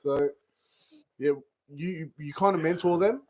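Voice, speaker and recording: Laid-back host, teasing banter. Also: male voice, a little high, unhurried, a little mellow, dry recording. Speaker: podcast host. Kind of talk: casual podcast interview.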